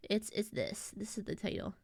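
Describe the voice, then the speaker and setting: A woman's voice: mid-range voice, lively intonation, normal speed, vocal fry, darkish tone, husky, no room sound, clean studio sound. A young woman streaming, casually recapping a story in a rambling, slangy way full of fillers and restarts. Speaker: VTuber streamer.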